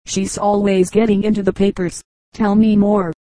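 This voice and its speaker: A woman voicing a curious, amused male visitor who coaxes for gossip, in a mellow, dry reading voice. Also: mid-range voice, level tone, moderate pace, no echo, lightly acted, poor audio. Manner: eager, coaxing. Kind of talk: audiobook character reading.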